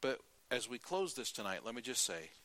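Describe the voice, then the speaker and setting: A middle-aged male preacher giving a sermon, telling folksy stories, acting out quotes and often clearing his throat. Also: mid-range voice, very animated, brisk, pushed and bright, no room sound.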